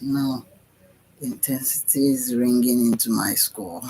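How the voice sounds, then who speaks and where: Slow, dreamy man rambling. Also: mid-range voice, creaky, a little mellow, a little hiss or hum, poor audio. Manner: meandering, dreamy, repeats himself, with yawns and sighs. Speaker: vlogger. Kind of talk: rambling spiritual self-talk vlog.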